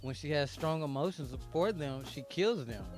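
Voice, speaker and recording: A young adult man co-hosting a podcast in casual chat, excitable and animated, often talking over his partner. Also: on the high side, moderate pace, music in the background. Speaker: podcast co-host.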